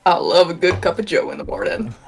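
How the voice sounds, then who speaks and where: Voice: mid-range voice, sing-song, moderate pace, a bit bright, soft background music. A player voicing a young male rogue who fakes a drawling cowboy accent, cocky and teasing. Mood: pleased.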